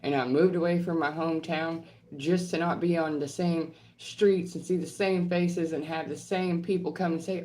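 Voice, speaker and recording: A woman's voice: low voice, fairly even intonation, normal speed, darkish tone. A woman speaking in a heated, profane monologue, blunt and confrontational, hammering her points home with repetition. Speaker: online creator and healthcare professional. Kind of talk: heated monologue answering trolls.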